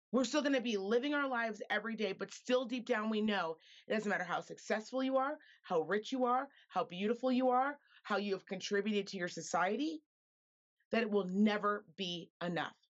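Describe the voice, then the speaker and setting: Impassioned woman guest, muffled audio. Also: medium pitch. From Reno, Nevada, US. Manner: impassioned, emphatic and repetitive. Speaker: podcaster guest. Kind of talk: earnest conversation.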